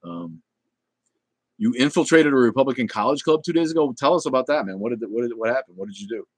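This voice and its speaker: A man's voice: medium pitch, lively intonation, fast, dry recording. A middle-aged man hosting a casual livestream, chatting in a rambling way with lots of fillers and restarts, blunt and irreverent as he reads viewer comments. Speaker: livestream host.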